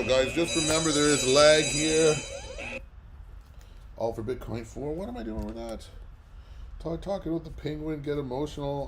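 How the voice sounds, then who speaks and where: A man's voice: fairly high pitch, normal speed, noisy background. A man hosting a live comic book auction, chatting casually and rambling with lots of fillers between bids. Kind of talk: casual livestream chat.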